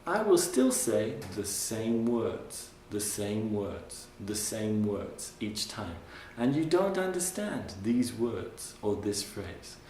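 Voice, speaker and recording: A male English teacher giving a classroom lesson, patiently repeating phrases slowly for his learners. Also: mid-range voice, darkish tone, slight background noise. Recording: roomy classroom sound from a distant mic.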